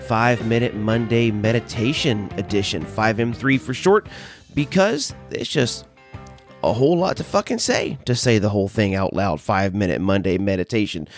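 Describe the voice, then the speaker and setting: A man's voice: fairly low pitch, normal speed, faint music behind. A man hosting his own podcast, talking casually and playfully, with some swearing and laughing at his own jokes. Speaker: podcast host. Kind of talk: casual solo podcast monologue.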